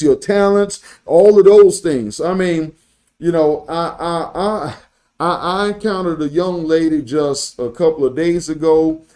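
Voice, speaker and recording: A man's voice: a little high, warm tone. A man hosting a faith-based podcast, preaching in a motivational sermon style and quoting scripture. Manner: preachy, repeats and restarts words, quotes scripture. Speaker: podcast host and Christian business coach.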